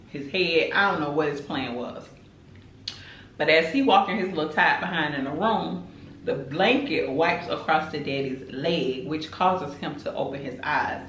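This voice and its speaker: A woman's voice: low voice, echoey room, slight background noise, rough recording. A woman tells a dramatic story in casual chat while eating on camera. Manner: animated, chatty, dramatic retelling. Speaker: mukbang host.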